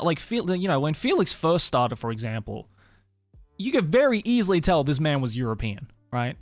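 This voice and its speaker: A man's voice: fairly high pitch, dry recording. A man from Australia with an Australian accent, chatting casually with stream viewers, tired, rambling and swearing casually. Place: Tokyo.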